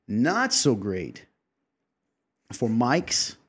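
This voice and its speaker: A man's voice: medium pitch, wildly swooping pitch, very slow, fairly bright tone, slightly rough. A man co-hosting a casual podcast chat, laughing often and playfully mimicking friends. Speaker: podcast co-host.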